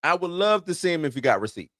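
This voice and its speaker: A man's voice: a little high, big pitch swings, fast talker, fairly bright tone, no room sound, studio quality. A man hosting an entertainment news show in loose, slangy casual commentary, chuckling between points.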